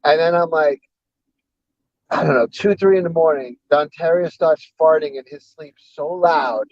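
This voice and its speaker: A man's voice: a little high, moderate pace, no echo, highs cut off. Male co-host, casual profane storyteller, dry close sound. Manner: profane, laid-back storyteller.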